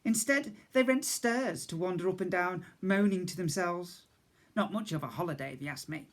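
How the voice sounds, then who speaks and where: A man's voice: high voice, normal speed. A man, a teacher, reading a storybook aloud to young children, stopping to ask questions and explain words.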